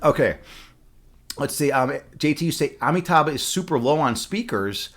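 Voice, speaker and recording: A man's voice: fairly high pitch, lively intonation, moderate pace, very noisy. A man live-streaming and chatting casually, a chess instructor who rambles with many fillers and restarts and laughs often.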